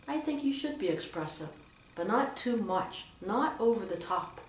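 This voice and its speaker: A woman's voice: mid-range voice, animated, moderate pace, slight background noise. A woman teaching church readers how to read aloud, speaking with strong emphasis and reading examples expressively. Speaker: lector trainer. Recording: roomy echo, mic at a distance.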